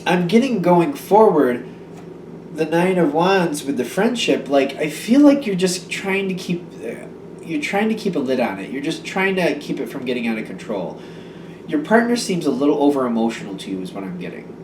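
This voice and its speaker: A man's voice: fairly high pitch, sing-song, normal speed, noisy background. A man giving a casual tarot reading, rambling and hesitant, with many fillers and restarts. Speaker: tarot reader. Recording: echoey room, voice from a distance.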